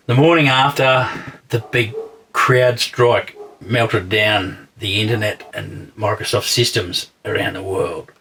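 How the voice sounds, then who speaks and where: An Australian man spins casual stories in a dry, understated way. His low voice is gravelly and very husky, with a bright edge. He sits some distance from the mic. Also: a little hiss or hum. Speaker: vlogger. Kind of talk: casual anecdotal storytelling.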